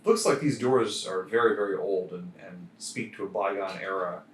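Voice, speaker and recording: A man's voice: sits low, fairly even intonation, moderate pace. A man narrating as game master of a tabletop game, with a hesitant manner full of fillers. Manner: hesitant, many fillers, bursts into laughter. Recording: roomy sound from a distant mic with faint noise.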